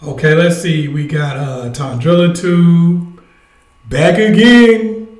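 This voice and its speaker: A man's voice: on the high side, a little slow, a little mellow, reverberant. A man hosting a casual livestream, energetically urging his viewers to join in. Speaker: livestream host. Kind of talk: casual live chat with viewers.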